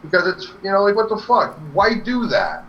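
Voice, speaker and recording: A man's voice: high voice, huge pitch swings, normal speed, a little hiss or hum. A man on a live-stream talk show, ranting heatedly and swearing constantly. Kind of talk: profane rant. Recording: dull lo-fi stream audio.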